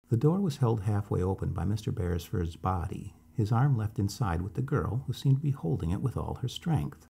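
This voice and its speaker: Gravelly, low-voiced male storyteller. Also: animated, moderate pace, hardly any pauses, mellow. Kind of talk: bedtime story reading.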